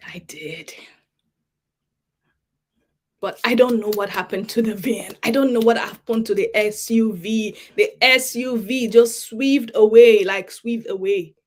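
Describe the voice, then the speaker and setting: A woman giving an emotional personal testimony at a summit, halting and repeating words as she pleads earnestly with listeners. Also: on the high side, darkish tone. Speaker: summit speaker.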